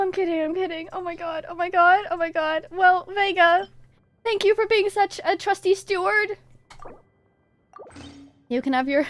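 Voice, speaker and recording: A woman streaming a game, commenting in an excitable, gushing way with frequent laughter and squeals. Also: very high-pitched. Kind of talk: gameplay livestream commentary.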